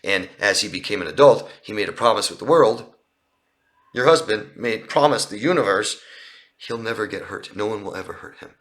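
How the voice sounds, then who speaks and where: A man's voice: lowish voice, lively intonation, normal speed, fairly bright tone. A man working as a relationship coach, answering viewer questions in a live Q&A with an earnest, explanatory manner, outdoors by a street. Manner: earnest, explanatory, repeats and restarts phrases.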